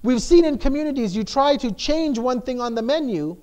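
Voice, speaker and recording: High-voiced man preaching conversationally. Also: lively intonation, brisk, a little mellow. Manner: explains with frequent "right?" tags and emphatic repetition. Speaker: shaykh giving a talk. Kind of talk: conversational sermon.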